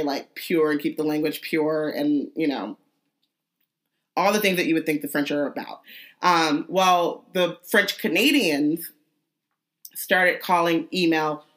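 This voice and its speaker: A woman co-hosting a casual book podcast, telling animated, jokey, rambling asides. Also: low voice. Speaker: podcast co-host. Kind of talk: casual chat about a book.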